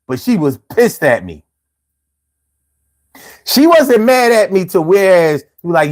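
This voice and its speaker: A man telling a personal story in a casual vlog monologue. He talks in a profane, slangy and animated way and often mocks himself. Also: fairly high pitch, a little slow. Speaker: vlogger.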